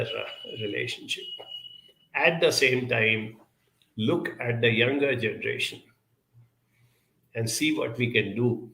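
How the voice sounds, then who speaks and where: A man answers audience questions in an earnest, measured advisory talk and stacks up his points one after another. His voice is bright and edged with a gravelly rasp. The sound carries a noticeable room echo. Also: medium pitch. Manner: measured, earnest, builds lists with many pauses and fillers. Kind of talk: advisory talk on relationships and emotions. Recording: echoey room.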